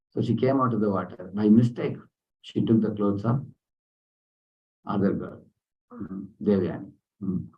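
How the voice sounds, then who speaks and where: Low-voiced man teaching a scripture class. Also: lo-fi sound. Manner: storytelling, asks the class questions.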